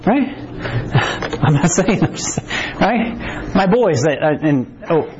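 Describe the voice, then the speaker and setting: Middle-aged male preacher with a high voice, chatty, acts out little quotes, dull lo-fi church recording. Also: big pitch swings, slow, background noise. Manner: chatty, acts out quotes, keeps asking "right?". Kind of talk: casual conversational sermon.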